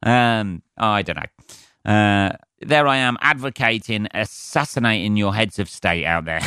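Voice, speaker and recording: A man's voice: mid-range voice, pushed and bright, clear, resonant tone, dry recording, studio quality. A man hosting a solo podcast, ranting with heavy swearing and sarcasm and laughing at his own jokes. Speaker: podcast host.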